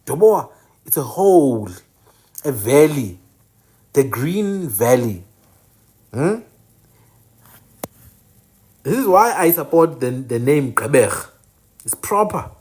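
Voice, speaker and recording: A man's voice: a little high, very animated, slow, long pauses, darkish tone, slightly rough. Insistent man teaching. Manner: emphatic, corrects names insistently and repeats them. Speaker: channel host teaching indigenous place names. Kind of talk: informal teaching monologue.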